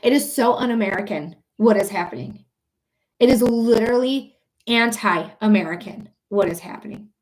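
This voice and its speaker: A woman's voice: medium pitch, moderate pace. A woman hosting a psychic livestream, thanking viewers and ranting angrily with lots of swearing. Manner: swears freely, talks straight to viewers. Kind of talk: casual livestream chat and ranting.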